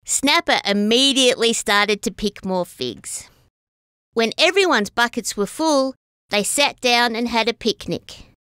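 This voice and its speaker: A woman reading a children's story aloud as a storyteller, expressive and sing-song. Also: a little high, a little slow, smooth, no room sound, studio quality.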